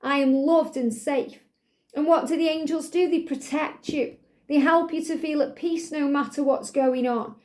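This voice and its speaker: A woman giving a spiritual tarot card reading in a soothing, affirming manner, a little out of breath, repeating phrases slowly. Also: high voice, steady tone, darkish tone.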